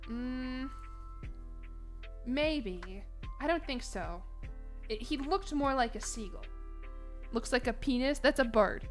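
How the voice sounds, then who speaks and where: A young woman from Chicago talking loosely to her stream, circling back on herself and laughing as she goes. Her voice sits a little high, and faint music plays quietly beneath her. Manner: rambling, emotional, self-mocking, laughs often. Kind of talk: casual chat on stream.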